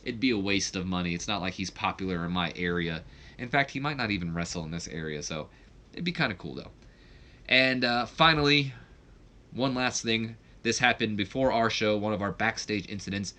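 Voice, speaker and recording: A man's voice: fairly low pitch, expressive, moderate pace, sharp tone. A young man casually talking through a wrestling management game for his channel, rambling and correcting himself as he goes. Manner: rambling, self-correcting, chatty. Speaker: gaming YouTuber.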